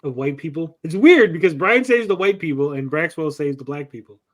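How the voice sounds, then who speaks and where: A man's voice: on the high side, lively intonation, brisk. A man hosting a casual comic book review, retelling the plot with sarcastic asides.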